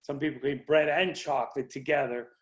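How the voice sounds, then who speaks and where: A middle-aged man, a winery owner, chatting casually on a video call and speaking haltingly with many restarts. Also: medium pitch, fairly even intonation, low-quality recording.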